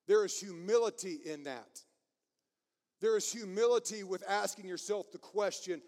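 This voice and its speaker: A man's voice: sits high, normal speed, darkish tone, big-room sound. A man preaching a sermon, passionate and emphatic, laughing at himself now and then.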